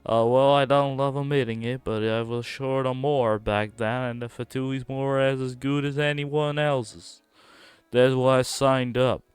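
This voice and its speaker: A man's voice: mid-range voice, fairly even intonation, a little slow, smooth, no echo, soft background music, natural voice. A man reading out game lines as a down-on-his-luck barfly, with a put-on British-style accent and a rueful, grumbling delivery.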